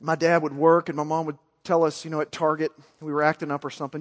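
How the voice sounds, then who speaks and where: A man preaching a sermon as pastor, moving from quiet storytelling to yelling with passion. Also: a little high, little pitch movement, fast talker. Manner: swings from soft to yelling. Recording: long hall reverb.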